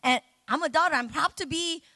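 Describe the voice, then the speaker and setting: A middle-aged woman delivers a lively sermon in a high, bright voice, joking with the congregation and breaking into loud, emotional cries. The sound is close and dry, with no room echo. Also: brisk. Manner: animated and emotional, bursting into loud exclamations; chatty and humorous, talking directly to the congregation. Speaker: preacher.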